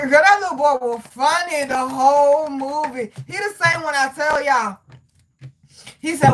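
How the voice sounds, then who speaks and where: A high-pitched young woman, talking casually and loudly to her viewers. She is animated and laughs and shouts a lot. A faint hiss sits under her voice. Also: unhurried. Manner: animated, loud laughs, swearing, addresses viewers as y'all and baby. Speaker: tarot reader. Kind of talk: casual livestream chat.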